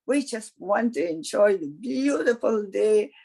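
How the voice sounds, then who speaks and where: Lady putting on a smooth-talking boy rabbit from a folktale, slow and coaxing. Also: mid-range voice, lively intonation, warm tone, rough recording. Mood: flattering. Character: flattering talkative male rabbit.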